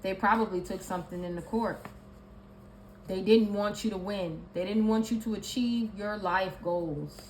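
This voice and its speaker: A woman gives a tarot reading in an emphatic, repetitive way, hammering her points home one after another. Her voice sits at a middling pitch. The room around her is echoey, with faint background noise underneath. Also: moderate pace. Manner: emphatic and repetitive, listing card meanings. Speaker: tarot reader.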